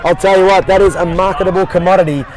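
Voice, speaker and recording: A high-voiced man does play-by-play on an outdoor field, full of quips and his pet phrase. Crowd noise is clear behind him. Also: fast, poor audio. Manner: jokey, excitable, repeats "I'll tell you what". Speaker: play-by-play commentator. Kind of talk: sports commentary.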